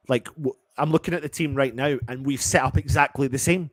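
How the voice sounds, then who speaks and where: Man, fan commentator, live reaction, exasperated and profane, mid-pitched voice, dry close mic. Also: brisk, hardly any pauses, dry recording. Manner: exasperated, swearing, shifts from muttering to shouting. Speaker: fan channel match commentator.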